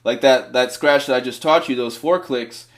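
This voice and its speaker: A man with a medium-pitched voice and moderate pace coaches DJ scratching one-on-one through a cellphone video call, with slight background noise. He's eager and encouraging, talking casually in loose, filler-heavy bursts.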